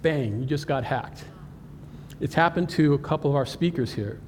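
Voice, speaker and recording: A man giving an animated, joking cybersecurity presentation at a live conference, talking straight to the audience. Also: on the high side, moderate pace, slight background noise. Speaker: cybersecurity speaker. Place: conference hall. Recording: hall reverb with faint ambience.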